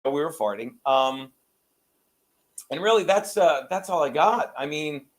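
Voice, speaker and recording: A man hosting a casual podcast, his voice sitting high for a man. He rambles and curses freely and laughs often, losing his thread as he goes. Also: lively intonation, a little slow. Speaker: podcast host. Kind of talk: casual chat.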